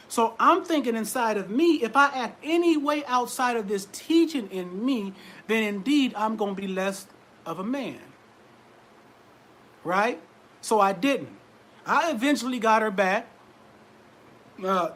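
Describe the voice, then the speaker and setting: A man's voice: high-pitched, a bit bright. A man giving an earnest, reflective talk and explaining his points step by step. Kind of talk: reflective talk about manhood.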